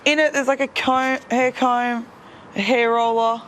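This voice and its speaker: A woman's voice: a little high, steady tone, unhurried, a bit bright, a little hiss or hum. A woman on a reality show chatting casually, indignant and sarcastic. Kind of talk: casual chat. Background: housemates chattering.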